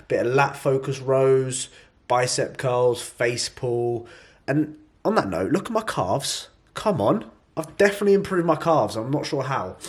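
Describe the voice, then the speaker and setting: A young man talking to camera in a casual gym vlog, fired-up and blunt, swearing freely. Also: medium pitch. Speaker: bodybuilder vlogger.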